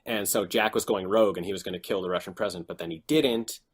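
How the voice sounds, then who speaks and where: A man co-hosting a casual podcast, retelling scenes in an animated, exaggerated way. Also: deep voice, quick pace, husky. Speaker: podcast co-host. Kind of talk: casual chat.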